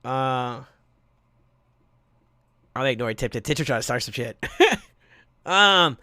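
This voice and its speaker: A man streaming live, casually chatting and thanking viewers, excitable with sudden yells, his voice going hoarse from yelling. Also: mid-range voice, slow, no echo, clean studio sound.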